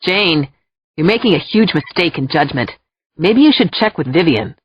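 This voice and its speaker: A woman's voice: sits low, lively intonation, normal speed, breathy edge, no echo. Woman voicing a cold terse man, icy, clipped, dull lo-fi, dry. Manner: terse, defensive, then icy. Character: curt cold adult man, an actor.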